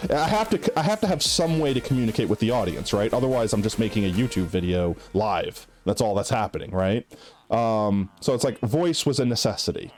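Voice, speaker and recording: A man's voice: fairly low pitch, lively intonation, brisk. A man streaming live with a somewhat nasal voice that swings up and down a great deal as he rambles to his chat. His talk is loose and casual, full of "like" and "right?", with faint game music under it. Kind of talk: casual chat while gaming.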